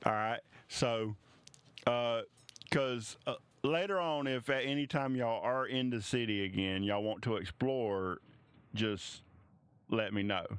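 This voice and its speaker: A man running a tabletop game, narrating in a relaxed way full of fillers. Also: medium pitch, a little slow, clear, resonant tone. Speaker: game master.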